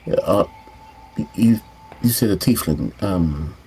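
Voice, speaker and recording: A man at a tabletop game who talks in halting bursts, trailing off and starting over. His voice sits on the low side. A faint hiss runs under the recording. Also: lively intonation, mellow, rough recording. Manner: hesitant, with many fillers and restarts. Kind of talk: casual chat and in-character role-play.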